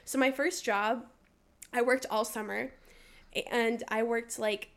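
A woman's voice: fairly high pitch, steady tone, slow pace. A young woman co-hosting a casual podcast, telling stories animatedly, acting out quotes, with many "like" fillers. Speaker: podcast co-host. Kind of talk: casual storytelling chat.

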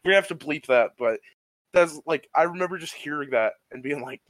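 Animated young man telling a profane story. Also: a little high, a little fast, no room sound, rough recording. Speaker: podcast co-host. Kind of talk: casual storytelling chat.

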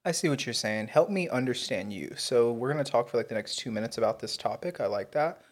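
A man's voice: mid-range voice, lively intonation, fast. A young man from Texas co-hosting a podcast, chatting casually, blunt and laughing often, swearing freely. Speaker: podcast co-host. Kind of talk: casual chat.

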